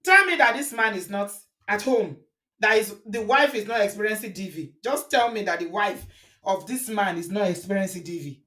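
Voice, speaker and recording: A woman's voice: mid-range voice, normal speed, sharp tone. A woman hosting a show, commenting indignantly on a video and repeating phrases for emphasis. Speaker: host reacting to a viral video. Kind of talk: casual commentary.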